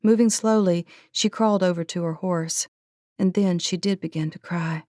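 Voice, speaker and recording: A woman narrating an audiobook in a measured, earnest storytelling manner. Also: on the low side, darkish tone, no echo, clean studio sound.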